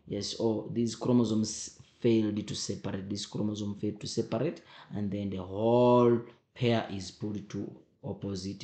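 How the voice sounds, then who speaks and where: In an echoey room, a man with a lowish, dark-toned voice teaches an exam memo walkthrough lesson. He goes over the answers with emphatic repetition and keeps checking that his students understand.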